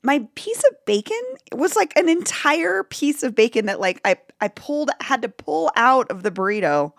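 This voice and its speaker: A woman's voice: high voice, sing-song, normal speed, gravelly, no echo. American woman co-host, chatty storyteller, dry close studio sound. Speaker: regular podcast host. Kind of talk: casual chat.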